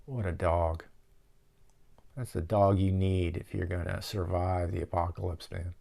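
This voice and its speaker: A man's voice: sits low, steady tone, unhurried, vocal fry, warm tone. A man hosting a casual movie-riffing show from his office, rambling and swearing as he rants. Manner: rambling, profane, ranting. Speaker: show host.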